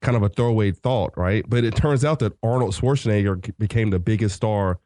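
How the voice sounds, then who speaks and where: A man's voice: lowish voice, a little fast, dark tone, no echo, studio quality. A man from the American South co-hosting a podcast in casual chat, musing aloud with many fillers. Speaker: podcast co-host.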